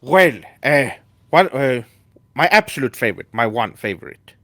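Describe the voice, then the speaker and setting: A man being interviewed as a YouTube guest, speaking haltingly and dropping in Japanese words. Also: mid-range voice, very animated, fairly bright tone, no room sound. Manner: hesitant, sprinkles in Japanese words. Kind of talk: casual interview chat.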